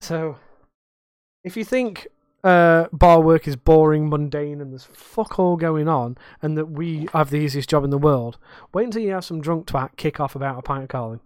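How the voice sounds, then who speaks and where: A man's voice: fairly high pitch, moderate pace, smooth, dry recording, clean studio sound. A young man co-hosting a podcast, ranting and swearing in casual chat about life as a bartender. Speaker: podcast co-host.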